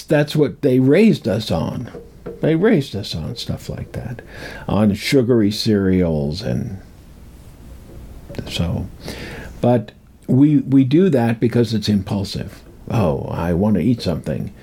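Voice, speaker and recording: A man's voice: lowish voice, vocal fry, warm tone, husky. A man in his sixties telling folklore in a rambling, chuckling way, acting out voices as he goes. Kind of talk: casual storytelling talk.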